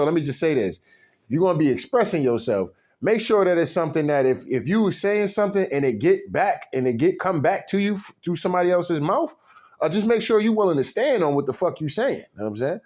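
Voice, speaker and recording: A man's voice: fairly high pitch, a little mellow. A man hosting a casual reaction commentary, rambling and profane, with many fillers. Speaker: commentary channel host.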